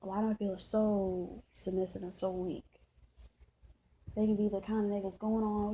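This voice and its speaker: A woman's voice: medium pitch, little pitch movement, moderate pace, mellow, slight background noise, low-quality recording. A woman ranting to camera, heated and preachy, with a lot of swearing and the same points said again and again. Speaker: vlogger. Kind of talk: impassioned rant to camera.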